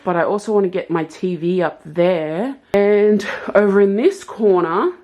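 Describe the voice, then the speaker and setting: A woman's voice: medium pitch, measured pace, darkish tone, highs cut off. A chatty young woman vlogging casually from her bedroom at home, rambling through her plans and purchases. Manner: chatty, rambling, self-aware. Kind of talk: casual vlog chat.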